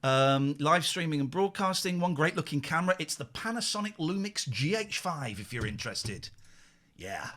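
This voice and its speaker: A man's voice: fairly high pitch, expressive, normal speed, fairly bright tone. A man hosting a late-night live phone-in show, chatting and joking with callers in a teasing way. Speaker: radio phone-in host. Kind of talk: casual live phone-in chat.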